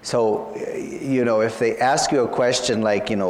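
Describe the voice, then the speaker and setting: A man's voice: mid-range voice, fairly even intonation, normal speed, a little mellow. A man tutoring students for an interview exam, explaining each point patiently and often saying "you know". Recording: long hall reverb.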